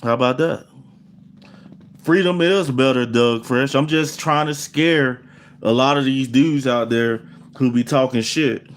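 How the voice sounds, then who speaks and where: A man's voice: medium pitch, a little slow. A middle-aged man with an African American Vernacular English accent, hosting his channel and ranting at viewers in a boastful, threatening, repetitive monologue. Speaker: channel host.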